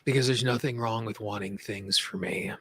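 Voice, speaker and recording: A man leading a guided tapping session, speaking slow soothing affirmations with chatty asides between them. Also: fairly low pitch, steady tone, a bit bright, husky, no room sound. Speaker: tapping coach.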